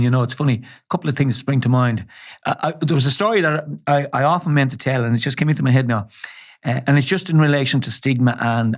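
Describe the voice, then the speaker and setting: Earnest middle-aged Irish man telling stories. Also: mid-range voice. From Ireland. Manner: measured, frequent restarts, earnest. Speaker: charity chief executive, interview guest. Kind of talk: reflective storytelling interview.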